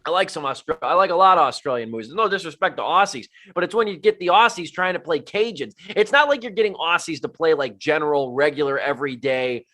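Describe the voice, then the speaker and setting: A man co-hosting a movie podcast, talking as a film critic in a casual, wry and animated way. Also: fairly high pitch, quick pace, hardly any pauses. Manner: animated, wry, self-deprecating asides. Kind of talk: casual movie review chat.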